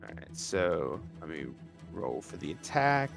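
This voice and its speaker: A man playing a tabletop game, thinking aloud through his turn in an unhurried way. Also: low-pitched, very animated, vocal fry, music in the background. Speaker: player. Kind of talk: tabletop game play on stream.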